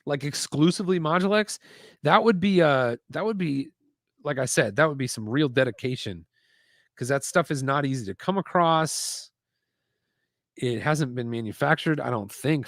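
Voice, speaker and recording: A man's voice: mid-range voice, lively intonation, moderate pace, fairly bright tone, no echo, studio quality. A man hosting a casual live stream while building a toy set, chatting loosely and reading out viewer comments. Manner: chatty, rambling, reads chat aloud. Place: home desk setup with screens.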